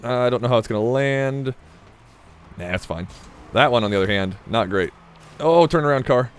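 A man with a slight Southern US accent giving rambling, self-mocking commentary while playing a game, breaking into sudden excited yelps. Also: mid-range voice, normal speed, a little hiss or hum. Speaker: gaming YouTuber. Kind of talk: casual gameplay commentary.

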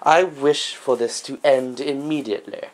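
A man's voice: mid-range voice, normal speed, slight background noise, natural voice, low-quality recording. A man voicing a grumpy male pet dog with a put-on British accent.

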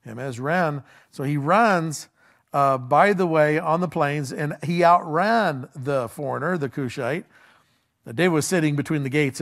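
A male pastor preaching in a casual, conversational way, retelling a story in everyday words with frequent fillers and restarts. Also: on the high side. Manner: retells the story in everyday speech, acts out the quoted lines.

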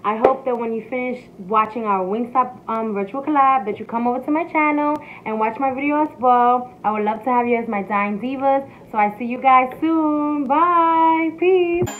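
Upbeat woman guest intro, high voice, phone-quality audio. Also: moderate pace, hardly any pauses. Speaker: guest food vlogger. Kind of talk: casual video intro. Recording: tinny phone-like line with faint noise.

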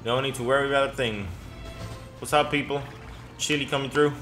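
A young man giving casual gameplay commentary, excitable, often stammering and swearing as he reacts. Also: mid-range voice, a little fast, faint music behind. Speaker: gaming commentator.

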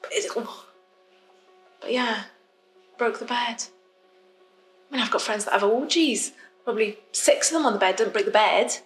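Brief: actress as a fed-up wife in lockdown, rambling confessional monologue, slightly high voice, roomy echo. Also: female voice, normal speed, long pauses, fairly bright tone, faint music behind, natural voice. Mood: aggrieved. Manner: rambling, confiding, apologetic. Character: fed-up woman stuck in lockdown with her partner.

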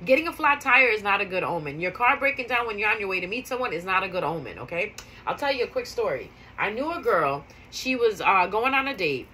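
Bright-voiced woman telling a chatty story. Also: mid-range voice, very animated, brisk, a little hiss or hum, low-quality recording. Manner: chatty, conversational, repeats key phrases for emphasis. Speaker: spiritual vlogger. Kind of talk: casual storytelling monologue.

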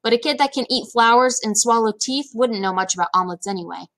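A woman reading a children's chapter book aloud in a lively, expressive storytelling manner. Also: fairly high pitch, fast talker. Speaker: read-aloud narrator.

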